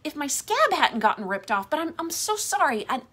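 A woman's voice: high-pitched, big pitch swings, moderate pace, a bit bright, pitched above the performer's own voice. A woman voicing a wounded adult wife who anxiously apologizes over and over. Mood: apologetic.

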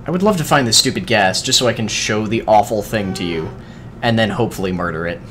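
A man giving casual let's-play commentary as he plays, excitable, swearing often and talking to the game's creatures. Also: fairly low pitch, fast, faint music behind. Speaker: gaming video host.

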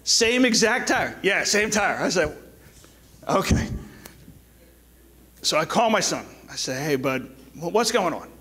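Middle-aged male pastor, church sermon, a bit high-pitched, casual storytelling moving into soft exhortation. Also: lively intonation, breathy edge. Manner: storytelling with quick asides, then soft pleading exhortation. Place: church sanctuary.

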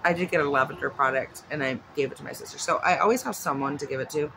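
A woman's voice: deep voice, fast, gravelly, noisy background. A woman vlogging at home in a casual, chatty way, rambling off into asides. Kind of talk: casual chat. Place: at home with her dog nearby.

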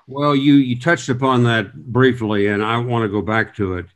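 A man's voice: medium pitch, steady tone, normal speed, fairly bright tone. Man hosting a friendly interview. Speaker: interview host, former sportscaster. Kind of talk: conversational interview.

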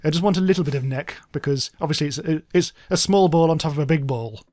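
A man's voice: fairly high pitch, fast, a little mellow, no room sound. A young man co-hosting a gaming video, chatting casually while he builds, jokey and rambling. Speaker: gaming channel co-host. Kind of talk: casual gameplay chat.

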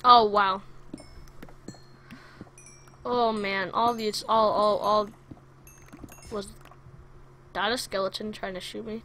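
A woman giving chatty, excitable let's play commentary from a home setup, talking to the game's monsters as she plays. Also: mid-range voice, a little slow, pauses often, a little hiss or hum. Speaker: gaming video creator.

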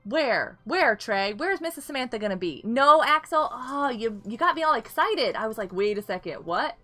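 A woman's voice: high-pitched, lively intonation, moderate pace, pushed and bright. Bubbly giggling woman streamer. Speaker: game live streamer. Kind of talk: casual live-stream chat with viewers.

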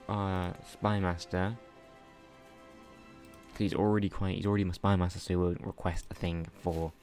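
A young man casually commentating his strategy game as he plays, chatty and self-mocking, thinking out loud, at a desk mic at home. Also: sits low. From not Irish. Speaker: gaming channel host. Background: faint game music and keyboard typing.

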